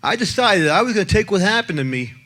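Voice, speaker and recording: A man's voice: sits high, sing-song, fast. Blunt man giving testimony. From the Bronx, New York. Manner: blunt and emphatic, swinging between loud and hushed. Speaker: abuse survivor and advocate speaker. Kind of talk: personal testimony.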